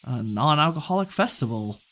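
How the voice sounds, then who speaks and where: A man chatting in a relaxed, rambling way while streaming a game, laughing easily. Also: mid-range voice, normal speed, low-quality recording. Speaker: gaming streamer. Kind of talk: relaxed gameplay chat.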